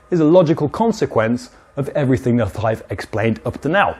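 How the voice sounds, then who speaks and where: A man teaching an English lesson, explaining slowly and acting out short spoken examples with lively stress on key words. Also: mid-range voice, slightly rough.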